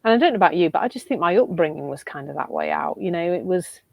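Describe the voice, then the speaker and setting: A middle-aged woman from England, thinking aloud in a reflective chat as a podcast co-host, animated and quick to laugh. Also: fairly low pitch, vocal fry, dry recording. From Northern England.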